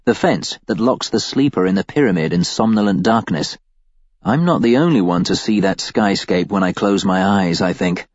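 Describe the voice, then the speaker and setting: A man narrating a first-person audiobook with a wry, deadpan delivery. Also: on the low side, moderate pace, no echo, lo-fi sound.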